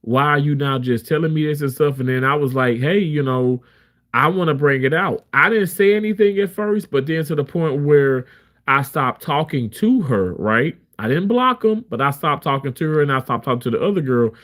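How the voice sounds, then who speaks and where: A man's voice: a little high, animated, normal speed, a bit bright. Candid man telling a grievance story. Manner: candid, emphatic, frequent restarts. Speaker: live streamer. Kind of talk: casual storytelling rant.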